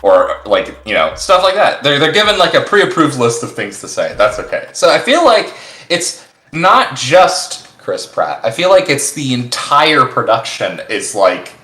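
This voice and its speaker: Very animated yet measured in pace, this stream co-host has a medium-pitched voice that sounds pushed and bright. His casual talk comes in rambling, jokey runs with many restarts, set in an echoey room where faint music plays.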